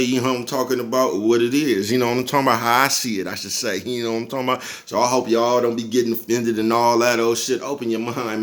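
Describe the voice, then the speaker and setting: A man's voice: mid-range voice, fairly bright tone. A man giving a casual motivational monologue as a vlogger, laid-back and profane, chuckling often and checking in with his listeners constantly. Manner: laid-back, chuckles often, keeps asking "you know what I'm talking about?"; profane, preachy street talk.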